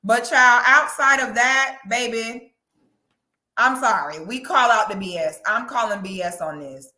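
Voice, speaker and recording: A woman doing casual reaction commentary, sassy and animated. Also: fairly high pitch, unhurried, echoey room. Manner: sassy, animated, breaks into loud laughing shrieks. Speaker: commentary vlogger.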